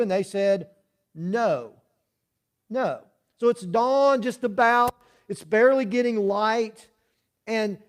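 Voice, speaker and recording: A man's voice: sits high, a little mellow. A male pastor preaching a sermon in a conversational way, often checking in with the congregation with "right?" asides. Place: church.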